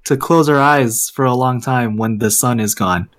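A man's voice: mid-range voice, moderate pace, a bit bright. A man co-hosting a podcast in casual chat, playful and jokey, sometimes mock-offended. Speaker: podcast co-host.

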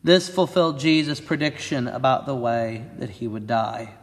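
A man, a pastor, reading scripture aloud and preaching at a church service in a clear, earnest voice. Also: mid-range voice, moderate pace, long reverb tail.

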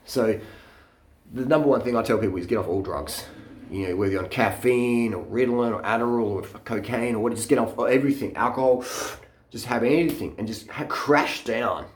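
A man talks straight into his camera in a blunt, profane rant. His voice sits in the middle range and carries an echo from the room. He gets animated and laughs at his own stories. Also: medium pitch, a little fast. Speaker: vlogger. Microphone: camera mic.

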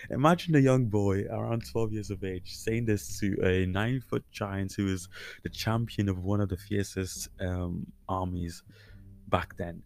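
A man's voice: fairly low pitch, measured pace, creaky, a little mellow. A man hosting a Christian podcast, teaching casually and conversationally with frequent fillers and restarts. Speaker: podcast host.

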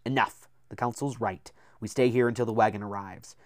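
A man's voice: lowish voice, fairly even intonation, brisk, a little mellow, dry recording, studio quality, close to an everyday voice. A man voicing a curt, commanding male soldier who barks orders, in an audiobook. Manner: barking, authoritative.

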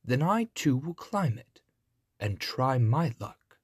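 A man's voice: mid-range voice, very animated, slow, husky, no room sound, clean studio sound, heavily acted. A man doing an eager young prince.

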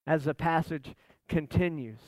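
A man's voice: on the high side, measured pace, darkish tone, no echo. A man preaching a sermon as a pastor, conversational and emphatic, with asides to the listeners.

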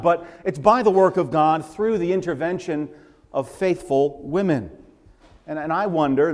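A man preaching a sermon, his fairly high voice carrying a long reverb through a large church. He talks conversationally, mixing scripture with asides and light humor. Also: darkish tone. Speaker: pastor.

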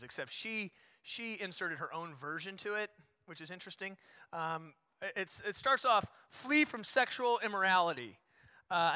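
A young man preaching a sermon in a church, conversational and animated, acting out quotes and singing short snippets. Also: high voice. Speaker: pastor. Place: church sanctuary.

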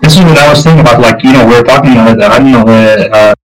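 A man with a mid-range voice chats casually as a podcast co-host. He talks in an animated way and is quick to jump in on the other speaker. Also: medium pitch, soft background music, poor audio. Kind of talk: casual chat.

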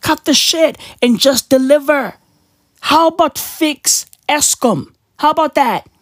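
A woman's voice: sits high, takes it slowly, dry recording, clean studio sound. A woman ranting in a profane, mocking and indignant monologue, constantly asking her listeners "right?". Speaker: commentator.

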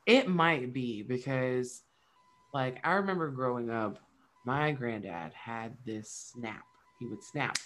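A woman's voice: extremely low pitch, slow pace, a bit bright, a little hiss or hum. A woman in her thirties telling funny stories about her kids in a casual podcast chat, swearing freely and acting out quoted voices. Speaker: podcast co-host.

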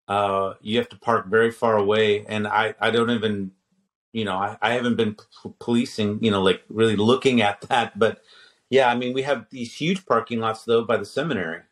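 A man's voice: fairly low pitch, fairly even intonation, normal speed. Fifties guy chatting, tells a long story, lots of restarts and quotes. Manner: rambling storyteller, quotes himself and others. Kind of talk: casual conversation.

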